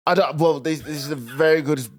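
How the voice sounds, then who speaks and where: A man's voice: on the high side, steady tone, fairly quick. A young man with a Birmingham accent, a comedian chatting casually on a podcast in a playful, teasing way.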